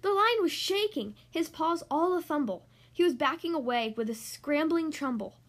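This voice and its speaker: A woman reading a rhyming children's picture book aloud in an expressive, sing-song way. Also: high-pitched, normal speed. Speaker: podcast host reading children's books.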